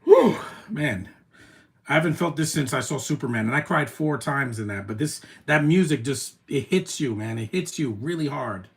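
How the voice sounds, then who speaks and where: A man streaming his reaction to a movie, talking in an emotional, rambling way with many "man" tags and the odd loud taunt. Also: medium pitch, animated, moderate pace. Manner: soft-spoken, with sudden loud taunting outbursts. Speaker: live streamer.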